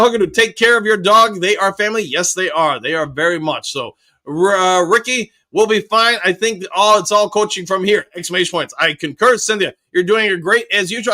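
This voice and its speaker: A high-pitched man hosts a live fan stream, reading out viewer comments one by one and replying in an upbeat, chatty way. His voice is bright and forceful, with plenty of casual fillers between thoughts. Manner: reads viewer comments aloud and answers them, upbeat, many fillers. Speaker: host of a live fan show reading chat.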